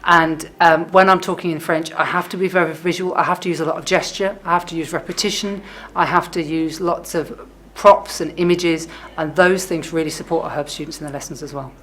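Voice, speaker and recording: A female science teacher explaining her teaching fluently and clearly. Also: sits low, steady tone, brisk, fairly bright tone, slight background noise. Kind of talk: interview about teaching.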